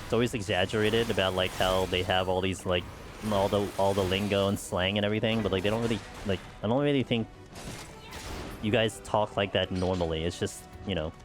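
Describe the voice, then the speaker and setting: Speaking over music, a low-pitched American man streams a game and chats with viewers in a casual, rambling way. His intonation is fairly even and his pace fairly quick, and "like" and "you know" fill his speech.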